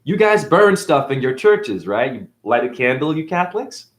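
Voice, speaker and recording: A man with a medium-pitched, sing-song voice speaks at a normal speed in an echoey room. Playing a spiritual teacher, he delivers an unscripted rant that is defiant and preachy, full of swearing and mocking asides.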